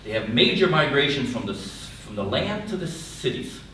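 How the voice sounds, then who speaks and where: A man's voice: medium pitch, very animated, normal speed, bright, forceful tone. Older man, Southern American accent, blunt and exasperated, heard from afar in an echoey hall. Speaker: audience member, professor emeritus. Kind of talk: public panel discussion comment. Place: large lecture hall. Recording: echoey hall, distant mic, faint noise.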